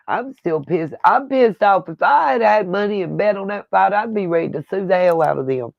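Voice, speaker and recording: A woman's voice: fairly low pitch, vocal fry, no room sound, highs cut off. A woman hosting a livestream, talking bluntly and profanely in a rambling rant from home. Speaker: livestream host. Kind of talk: casual livestream talk.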